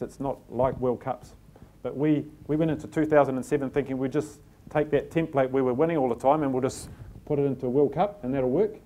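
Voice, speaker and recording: Relaxed New Zealand man telling stories. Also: mid-range voice, a little hiss or hum. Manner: relaxed storytelling, self-deprecating humour. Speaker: team manager giving a talk. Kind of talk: live talk to an audience. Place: packed function room.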